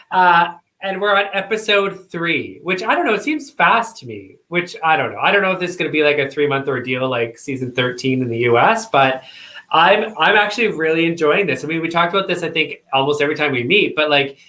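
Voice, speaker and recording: Sassy live-stream co-host, bubbly and camp, bright voice. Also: male voice, on the high side, reverberant. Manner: bubbly, sassy, party mood. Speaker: co-host of a drag review show. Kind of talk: casual live-stream chat.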